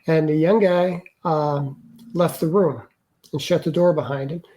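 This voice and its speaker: Older man, interview guest, earnest, halting storytelling, restarts often. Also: a little high, fairly even intonation, dark tone. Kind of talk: personal storytelling.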